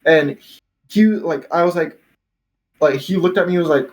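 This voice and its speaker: A man's voice: on the high side, brisk, rough recording. Young man telling a rambling story. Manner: rambling, full of "like" and restarts, laughs while telling. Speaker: podcast host. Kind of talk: casual storytelling chat.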